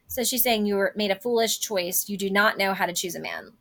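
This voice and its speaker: A woman's voice: mid-range voice, a little fast, few pauses, fairly bright tone. A woman teacher casually explaining a play scene in her own words, with many fillers.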